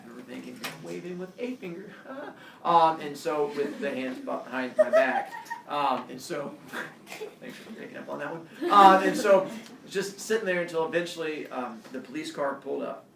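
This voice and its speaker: Gravelly man telling a story far off. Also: fairly high pitch, normal speed, noisy background. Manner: animated, self-mocking storyteller. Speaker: teacher telling a story to a class. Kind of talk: personal storytelling. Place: classroom. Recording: echoey classroom from far off.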